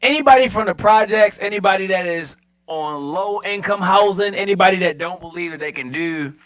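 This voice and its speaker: A man from Baltimore with a high, bright voice speaks on a podcast after a few drinks. He keeps repeating his opening words to hold the floor, then talks with earnest conviction. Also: a little fast. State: a little drunk. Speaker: podcast guest, entrepreneur. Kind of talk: loose tipsy podcast chat.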